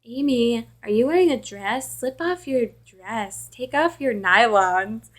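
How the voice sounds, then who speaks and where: A creepy, leering man on the phone, as a woman quotes him. He talks in a slow, drawn-out way and pushes every line too far. His voice sits high. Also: lively intonation. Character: creepy adult male prank caller, leering.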